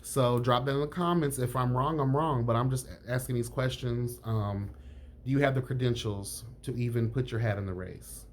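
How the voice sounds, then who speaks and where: A man reviewing a reality show in casual chat, sassy and frank, calling everyone honey and girl, his pitch jumping up on emphasis. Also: moderate pace, a little hiss or hum. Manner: lively pitch jumps on emphasis.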